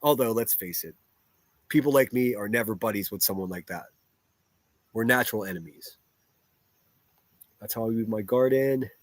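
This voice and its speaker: A man's voice: fairly low pitch, moderate pace, long pauses, no echo. A man ranting bluntly and profanely on a livestream, picking apart online drama and reading viewer chat aloud.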